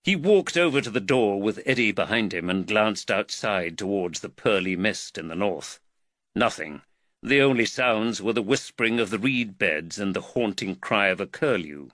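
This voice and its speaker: Expressive male audiobook narrator. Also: fairly low pitch, no room sound. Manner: expressive, measured storytelling. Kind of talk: scripted narration.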